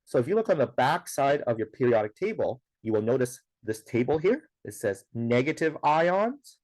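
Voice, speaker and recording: A man's voice: mid-range voice, very animated, normal speed, a little mellow, no room sound. A man teaching a science lesson, explaining step by step in a patient way, with a lot of "okay" and "now". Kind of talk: recorded classroom lesson.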